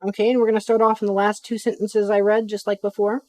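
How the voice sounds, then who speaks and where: A woman's voice: medium pitch, level tone, fast, darkish tone, dry recording. A woman reading a novel aloud on a live stream, breaking off for chatty asides. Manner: chatty asides between reading, some stumbles.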